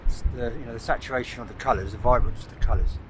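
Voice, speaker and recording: An older man of middling pitch chats away to camera while taking pictures, filling his sentences with "uh"s as he thinks aloud. He is recorded outdoors on a cliff top, with clear outdoor noise running under his voice. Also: racing. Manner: rambling, thinking aloud with many "uh"s. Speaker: landscape photographer vlogger. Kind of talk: casual talk to camera while shooting. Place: outdoors on a coastal cliff at sunset.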